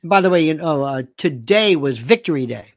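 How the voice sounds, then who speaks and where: A man's voice: a little high, animated, a little fast. Male show host, casual rant, sarcastic and exasperated, with lots of rhetorical questions and restarts.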